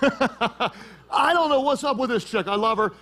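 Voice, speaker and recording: A middle-aged man preaching a sermon as pastor, joking and lively, with sudden loud peaks. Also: very high voice, unhurried.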